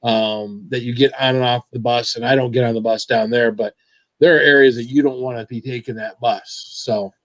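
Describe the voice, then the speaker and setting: A man's voice: mid-range voice, steady tone, normal speed, dry recording. A man from Michigan hosting a casual video chat, talking in a rambling, chatty way that repeats itself. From Michigan, USA. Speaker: channel host.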